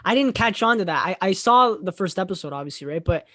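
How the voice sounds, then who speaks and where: A man hosting a podcast, chatting casually and excitably, saying dude and bro. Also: sits high, fast talker, no echo, clean studio sound. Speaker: podcast host. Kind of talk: casual chat.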